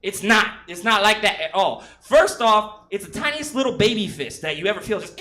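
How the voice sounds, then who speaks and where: A man's voice: high-pitched, lively intonation, fairly quick, bright, forceful tone. A man in his twenties from San Jose performing a crude, rambling, self-mocking stand-up set full of swearing. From San Jose, California. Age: 20s. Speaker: stand-up comedian. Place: comedy club stage.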